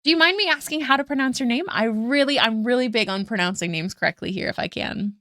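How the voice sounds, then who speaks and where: A woman with a fairly high voice chats casually to her viewers during a live art stream at home. She giggles a lot and thanks people warmly. The sound is dry and close, with no room echo. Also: fast.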